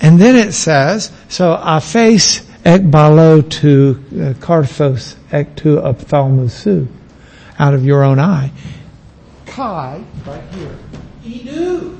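A man preaching a sermon to a congregation, teaching at an easy pace and bursting into loud shouted exclamations for emphasis. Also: fairly high pitch, slow pace, vocal fry, low-quality recording. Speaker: pastor.

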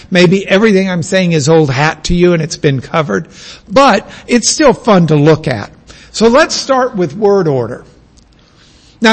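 A man teaching a class, lecturing in a conversational way and stretching out the phrases he wants to stress. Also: high-pitched.

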